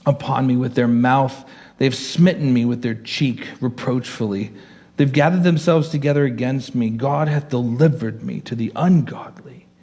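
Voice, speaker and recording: A man's voice: medium pitch, darkish tone. A man preaching as a pastor, teaching verse by verse, reading scripture aloud and explaining it in an earnest, conversational way.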